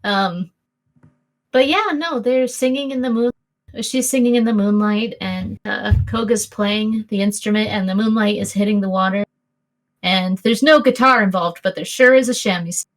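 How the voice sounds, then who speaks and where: A woman's voice: mid-range voice, moderate pace. A young woman narrating a tabletop game as game master, rambling with fillers and restarts.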